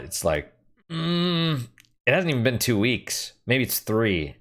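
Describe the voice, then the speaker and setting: Man, very deep voice, casual gaming chat, rambling, blunt, swears now and then. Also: animated, a little slow, fairly bright tone. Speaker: gaming streamer. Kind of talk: casual chat while playing a game.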